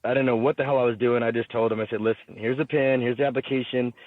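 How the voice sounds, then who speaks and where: A man's voice: medium pitch, fast, no echo. A man guest telling his story casually, acting out quoted talk with lots of fillers. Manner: animated storyteller, acts out quotes, frequent fillers. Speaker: podcast guest, fighter and businessman. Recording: tinny phone-like line.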